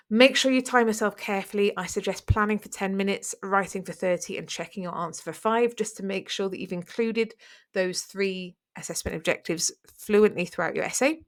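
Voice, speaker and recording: A woman teaching an exam revision lesson, explaining step by step in an encouraging way. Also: mid-range voice. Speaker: English teacher.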